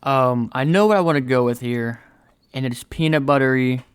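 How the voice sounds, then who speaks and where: A man's voice: medium pitch, moderate pace, smooth, no echo, studio quality. A man co-hosting a podcast in casual chat, joking and sometimes fumbling for words. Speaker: podcast co-host.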